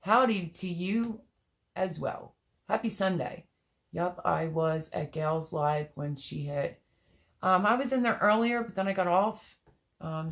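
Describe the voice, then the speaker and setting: Gravelly-voiced woman hosting a live chat. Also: low-pitched. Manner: chatty, greets viewers by name, reads comments aloud. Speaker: livestream host. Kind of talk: casual live chat reading comments.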